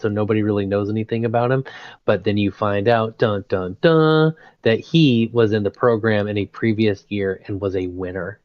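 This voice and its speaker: Rambling low-voiced man, dull lo-fi sound. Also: dry recording. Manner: rambling, slangy, excited retelling with frequent fillers and laughs. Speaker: podcast host. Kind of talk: casual chat. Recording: dull lo-fi recording.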